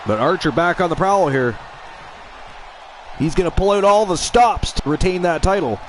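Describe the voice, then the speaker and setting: A man's voice: high-pitched, expressive, normal speed, some chatter behind, a little hiss or hum. A man giving casual, jokey play-by-play commentary over a wrestling video game, cheering on his favorite.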